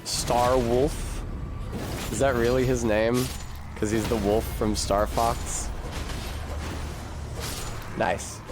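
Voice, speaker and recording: A man's voice: mid-range voice, steady tone, extremely slow, pauses often, over music. A man streaming a video game, chatting casually in a rambling, profane and wry way. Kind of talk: casual gameplay commentary.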